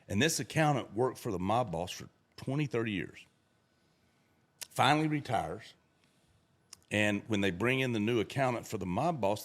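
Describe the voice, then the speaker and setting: A middle-aged man telling stories in a folksy, casual way, acting out the voices of the people in them. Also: medium pitch. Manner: acts out voices in his stories. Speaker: guest storyteller. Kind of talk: casual storytelling.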